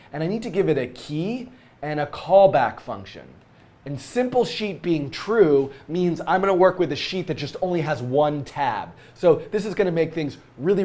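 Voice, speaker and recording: A man's voice: a little high, darkish tone. A man with a scratchy voice from a cold, hosting a live-coding tutorial and thinking aloud with frequent fillers.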